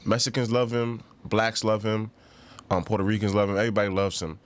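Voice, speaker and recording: Here a podcast co-host with a New York accent keeps things loose and slangy, laughing a lot as he banters. He talks briskly, his voice on the low side and level in tone.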